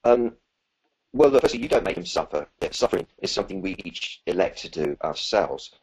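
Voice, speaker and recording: Man, very low voice, husky, spiritual teacher, live Q&A, rambling with fillers. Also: expressive, fairly quick, poor audio. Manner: warm, earnest, rambling with fillers and restarts. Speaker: spiritual teacher answering questions. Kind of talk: live Q&A talk.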